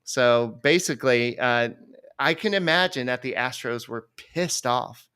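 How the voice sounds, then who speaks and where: A man co-hosting a baseball podcast, talking casually and rambling with many pauses. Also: medium pitch, sharp tone, clean tone, no room sound, clean studio sound. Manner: rambling, many fillers and restarts. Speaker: podcast co-host. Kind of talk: casual sports chat.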